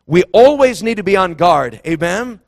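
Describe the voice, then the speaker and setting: A man preaching a fervent sermon, emphatic and impassioned, repeating phrases and surging to near-shouts. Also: high voice, expressive, moderate pace, no room sound, studio quality.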